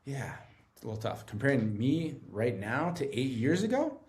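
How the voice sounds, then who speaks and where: A man's voice: medium pitch, very animated, moderate pace, darkish tone. A man speaking as a guest in a casual podcast conversation, earnest and explaining, often checking in with "right?". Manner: earnest, tags points with "right?". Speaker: guest, treatment center director.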